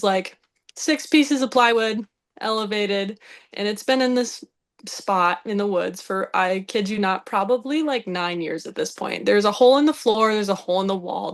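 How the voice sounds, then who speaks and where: A woman on a podcast telling a story in a casual way, laughing often and acting out the dialogue. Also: mid-range voice. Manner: lively, laughing, acts out dialogue. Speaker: podcast team member.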